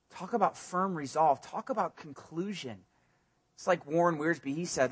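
A young adult man preaching a sermon, animated, often dropping to a soft voice and rising loud when he voices the psalmists' cries. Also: fairly high pitch, normal speed, husky. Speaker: pastor.

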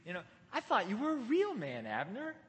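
A man's voice: on the high side, sing-song, moderate pace, a bit bright, in a large hall, slight background noise. A man voicing a young male warrior who teases and mocks his rivals in a casual, sarcastic way. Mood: mocking.

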